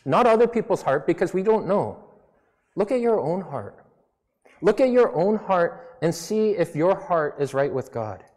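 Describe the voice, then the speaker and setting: Unhurried yet very animated, a pastor with a high, darkish voice delivers a conversational sermon full of self-deprecation. He speaks English with a slight non-native accent, and a long church-hall reverb surrounds him.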